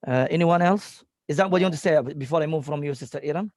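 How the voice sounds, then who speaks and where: A man's voice: on the high side, fast, darkish tone, dry recording, studio quality. A man teaching an Arabic class over a video call, patiently going through students' sentences word by word. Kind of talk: online class feedback.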